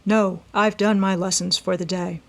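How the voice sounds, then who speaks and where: A woman's voice: fairly low pitch, flat delivery, moderate pace, lightly acted. A woman voicing a cheerful teenage neighbor boy in a storybook. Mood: breezy.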